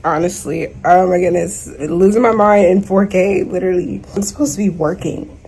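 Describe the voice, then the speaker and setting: A woman's voice: fairly low pitch, normal speed, gravelly, dark tone, a little hiss or hum, low-quality recording. A young woman venting in a casual video diary, stressed and worn out, exasperated and slangy as she talks to her camera at home. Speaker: vlogger.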